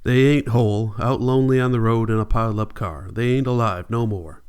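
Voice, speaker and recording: A man voicing a bitter, grieving male farmer driven off his land, speaking in rough rural dialect in an audiobook reading. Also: mid-range voice, fairly quick, darkish tone, natural voice.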